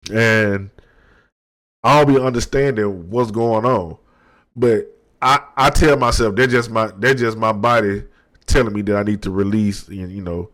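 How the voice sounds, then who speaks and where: A man in his thirties hosting a solo podcast from his desk, talking in a soft, reflective and halting way with many restarts. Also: fairly low pitch. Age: 30s. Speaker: podcast host. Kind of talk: solo confessional monologue. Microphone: desk microphone.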